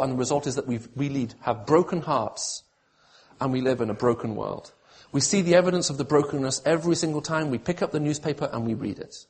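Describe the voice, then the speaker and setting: Guy preaching, kinda husky voice, pitched a bit high, goes from pleading to joking about himself. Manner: pleading, rising loud when quoting God, then dry self-mocking humour. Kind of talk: sermon.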